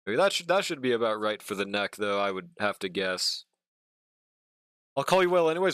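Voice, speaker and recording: Male streamer, higher voice, dry close sound, chatty and profane, hums while drawing. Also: big pitch swings, fairly quick, fairly bright tone, no room sound. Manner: joking, profane, hums to himself. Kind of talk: casual live-stream chat while drawing.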